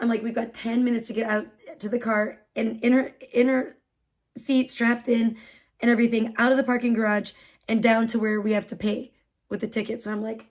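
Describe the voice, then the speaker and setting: A woman's voice: a little high, flat delivery, fairly quick, darkish tone. A woman live streamer telling a story in a rambling, frazzled way and swearing freely. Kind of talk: casual storytelling on a livestream.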